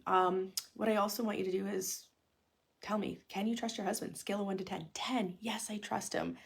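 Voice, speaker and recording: A woman's voice: mid-range voice, fairly even intonation, normal speed, creaky, slightly rough. A woman marriage coach talking casually to camera, earnest and full of ums, often acting out inner voices. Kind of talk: casual advice talk to camera.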